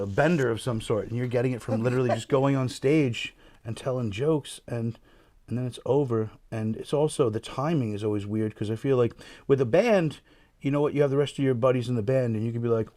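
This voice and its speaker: A man's voice: medium pitch, darkish tone. A man from Long Island hosts a laid-back podcast with a mid-range voice. He rambles, swears freely and slips into voicing other people. The talk stays loose and off the cuff. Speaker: podcast host and tattoo artist. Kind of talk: casual podcast chat.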